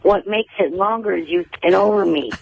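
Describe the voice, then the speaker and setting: A man calling into a radio show, talking in a halting, earnest way and repeating his words. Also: high voice, vocal fry, slightly rough, dry recording. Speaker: regular phone caller. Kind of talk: casual call-in chat. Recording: tinny phone line.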